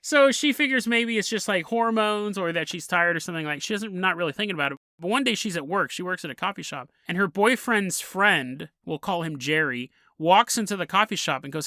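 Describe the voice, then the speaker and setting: A man's voice: high voice, expressive, normal speed, bright, forceful tone, no room sound, clean studio sound. A man hosting a podcast, telling a story casually, often laughing and acting out the people in it. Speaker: podcast host.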